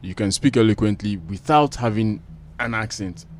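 Teasing lower-voiced male podcast co-host. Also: moderate pace, darkish tone, slight background noise. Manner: teasing, hesitant with fillers, playful jabs. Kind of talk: casual banter.

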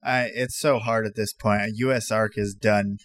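A man's voice: fairly low pitch, steady tone, moderate pace, a bit bright, no room sound. A man co-hosting a casual podcast, earnest and a bit rambling.

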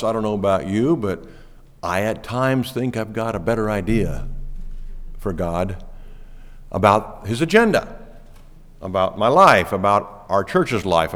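Animated male pastor preaching in a hall. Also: lowish voice. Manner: lively, animated preaching with laughs. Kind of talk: sermon. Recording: long reverb of a church hall.

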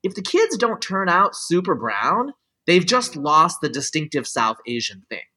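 A man's voice: on the high side, wildly swooping pitch, unhurried, pushed and bright, breathy edge, low-quality recording. A middle-aged man in casual conversation, explaining his views at length in looping sentences full of fillers and restarts. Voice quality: talks in looping restarts with many "like" and "you know" fillers. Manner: explanatory, opinionated.

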